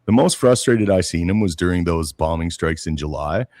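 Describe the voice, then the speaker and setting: A man's voice: low-pitched, lively intonation, normal speed, darkish tone, no echo. A man co-hosting a podcast, talking politics casually, often saying "man" and retelling events with animation. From Canada. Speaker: podcast co-host.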